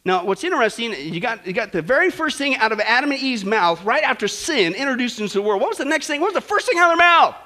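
A man's voice: very high-pitched, sing-song, quick pace, hardly any pauses, sharp tone. A male pastor giving a humorous sermon, chatting with listeners and asking them questions. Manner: conversational, asks listeners questions, jokes.

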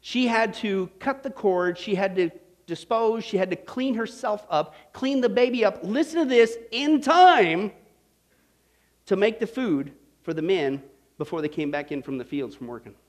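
A man from Kansas with a notably high voice delivers a Bible-study sermon through homespun stories. He talks in an animated, folksy way, keeps tossing "okay?" and "right?" to the congregation, and chuckles at his own tales. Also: normal speed. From Kansas, United States. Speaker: preacher teaching a Bible study. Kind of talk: storytelling sermon to a live audience.

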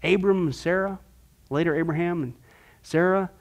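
A man's voice: high-pitched, normal speed. A man teaching a Bible discipleship class as pastor, firing off rhetorical questions with folksy asides.

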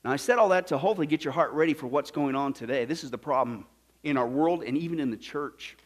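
A man from Kansas preaching a sermon as a pastor, animated and jokey, swinging from loud bursts to hushed asides. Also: fairly high pitch, quick pace. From Kansas, United States. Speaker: pastor teaching a Bible study.

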